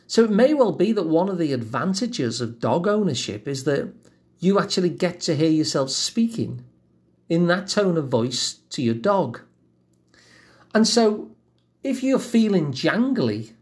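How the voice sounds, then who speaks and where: A man giving a calm self-help lesson in a gentle, measured, reassuring way. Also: a little high. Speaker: wellbeing teacher.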